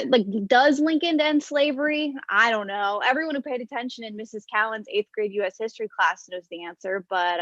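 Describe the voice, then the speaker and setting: A young woman performing a stand-up set over an online stream, wry and self-deprecating, with plenty of fillers. Her voice sits a bit high. The sound is dry with no room and slightly dull, as if through a modest mic. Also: fairly bright tone, no echo. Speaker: stand-up comedian.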